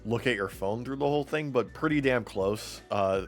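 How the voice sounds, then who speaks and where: A man's voice: mid-range voice, moderate pace, soft background music. A man co-hosting a podcast, recapping wrestling in casual chat, swearing often and acting out what the wrestlers said. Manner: profane, laughing, acts out quotes in voices. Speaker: podcast co-host.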